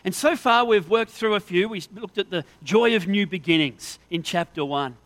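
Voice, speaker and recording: Bright-voiced man preaching a sermon. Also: high-pitched, moderate pace. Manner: earnest, conversational preaching with lists of scenarios. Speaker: pastor.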